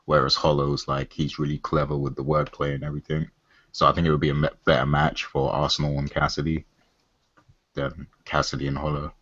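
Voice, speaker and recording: A man co-hosting a casual hip hop podcast, talking in a measured, hesitant way with many pauses. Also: a bass voice, monotone, a bit bright, husky, dry recording, muffled recording. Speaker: podcast co-host.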